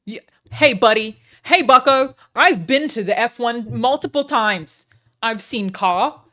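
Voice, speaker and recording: A woman with an Australian accent putting on a loud, aggressive male political streamer, shouting insults at chat. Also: fairly high pitch, animated, unhurried, pitched above the performer's own voice. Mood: mock-angry. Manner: shouting insults, mock-angry.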